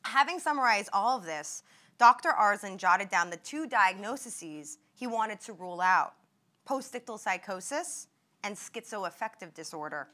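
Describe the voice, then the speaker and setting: She's a woman in her twenties and an invited speaker at a medical grand rounds, giving a talk built around readings from her memoir. With a mid-range voice, sharp tone, lively intonation and measured pace, she acts out the quoted outbursts more and more intensely.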